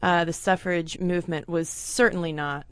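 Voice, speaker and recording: A woman's voice: lowish voice, steady tone, normal speed, no echo. A woman co-hosting a casual history podcast, laughing easily and thinking aloud with fillers. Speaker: podcast co-host.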